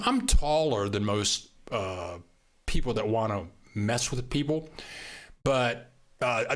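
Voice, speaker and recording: An American man hosting a casual live stream, reading viewer comments and answering in a rambling way with many fillers, saying he is losing his voice. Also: mid-range voice. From United States. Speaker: YouTube host.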